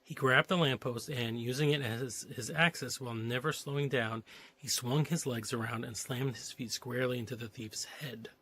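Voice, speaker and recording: A man's voice: mid-range voice, fairly even intonation, normal speed, fairly bright tone. A man reading a novelization aloud, stopping now and then to joke and comment on the story. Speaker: reader of a novelization.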